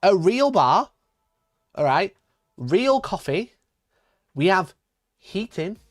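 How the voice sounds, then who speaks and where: This man hosts a live stream in a slow, sing-song, high voice, recorded dry. He chats casually and swears a lot, laughing and reading the chat aloud as he rants in mock outrage, his pitch leaping when he gets heated.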